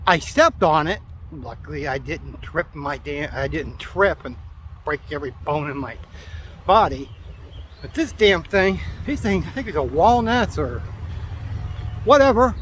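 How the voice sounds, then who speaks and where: Man, sarcastic outdoor vlog ranter, high lively voice, faint street noise behind. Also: measured pace. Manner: grumbling, sarcastic ranting. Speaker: vlogger. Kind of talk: casual outdoor vlog rant. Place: outdoors in a town, near traffic.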